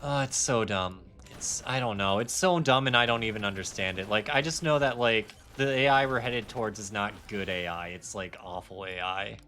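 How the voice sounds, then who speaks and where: A man's voice: lowish voice, normal speed, few pauses, sharp tone, slight background noise. A young man streaming a game live, talking casually in a heated, rambling rant with swearing and self-mocking asides. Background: faint game music.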